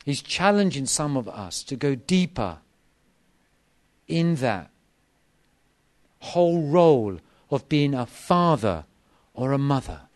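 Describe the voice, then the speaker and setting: Slow, lively-pitched male preacher. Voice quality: lively, swooping delivery with emphatic repetition. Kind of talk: sermon.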